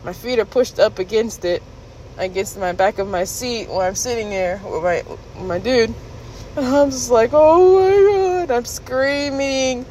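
A woman vlogger casually recounting a story to her viewers, candid and laughing, jumping into high squeals when she quotes herself. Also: normal speed, slight background noise, low-quality recording. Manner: animated retelling, jumps to high squeals when quoting herself.

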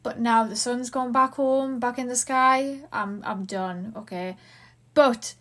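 A woman from Newcastle with a Geordie accent, hosting a podcast in an excitable, fast, gushing chat. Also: a little high. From Newcastle, England. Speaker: podcast host.

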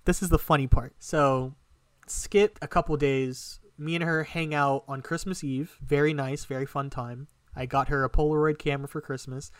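A young man casually telling a personal story on a podcast, animated and emotional, swearing often. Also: a little high, no room sound. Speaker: podcast co-host.

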